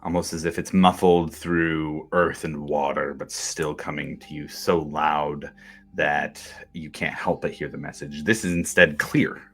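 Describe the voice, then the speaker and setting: Deep-voiced game master narrating. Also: male voice, steady tone, measured pace, a bit bright, breathy edge, faint music behind.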